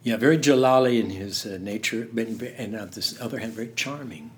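An older man telling stories in an interview, halting and laughing, dropping to a hush when he quotes someone. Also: lowish voice. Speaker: interview guest. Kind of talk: storytelling in conversation.

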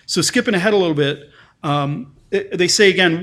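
A man's voice: high voice, normal speed, fairly bright tone. A male pastor preaching a sermon in a conversational way, often restarting and repeating words, and reading scripture passages aloud with lifted emphasis.

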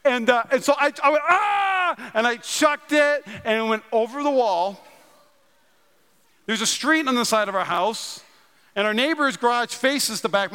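A man in his thirties from North Dakota, preaching a sermon with animated storytelling and self-deprecating humor. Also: very high voice, smooth. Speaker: pastor. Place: large church auditorium. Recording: long hall reverb.

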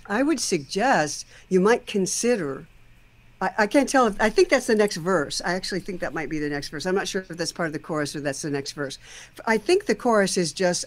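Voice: mid-range voice, animated, a little fast. A host giving a casual, thoughtful critique of a song's lyrics, explaining at length and now and then singing a line or two.

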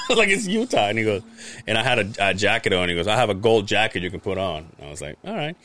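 A man's voice: fairly low pitch, quick pace, slight background noise. A young man on a podcast, telling a casual story and acting out the lines of the people in it with a lot of swearing. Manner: animated, swears freely, acts out quoted lines. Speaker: podcast host.

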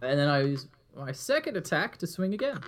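High-voiced male tabletop player. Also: big pitch swings, fairly quick. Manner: matter-of-fact, declaring actions. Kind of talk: tabletop game chat.

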